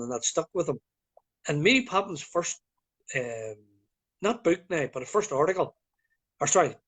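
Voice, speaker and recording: A man with a Northern Irish accent, chatting as a guest on a live video call and telling stories in a rambling way with many fillers. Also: medium pitch. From Northern Ireland. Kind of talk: casual chat.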